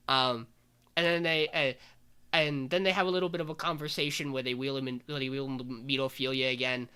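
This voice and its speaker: A fairly high, bright-toned man talks through an anime episode on a casual podcast. He tells the plot in an animated way and drops in short acted-out quotes between fillers. His voice sounds light and forceful. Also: a little fast, clear, resonant tone. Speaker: podcast host recapping anime.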